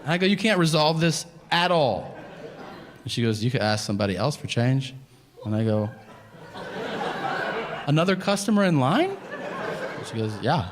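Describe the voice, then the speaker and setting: Stand-up comedian acting out stories. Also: male voice, mid-range voice, fairly quick, a crowd in the background. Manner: animated storytelling, acting out both sides of conversations. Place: comedy club stage. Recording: live club set with hall reverb and audience noise. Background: audience laughter.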